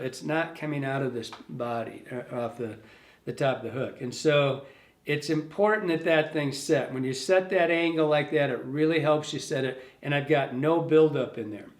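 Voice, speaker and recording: A man's voice: on the high side, moderate pace. Fly-tying man, chatty, in an echoey room. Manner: loose, thinking aloud, self-correcting. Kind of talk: casual hands-on demonstration.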